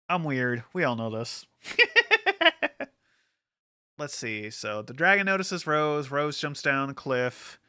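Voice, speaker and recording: Male streamer, bright crisp voice, rambly filler-heavy chatter, a bit wired. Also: mid-range voice, takes it slowly, pauses often. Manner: rambling with many fillers, laughs often. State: hyper from an energy drink. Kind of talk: casual livestream chat.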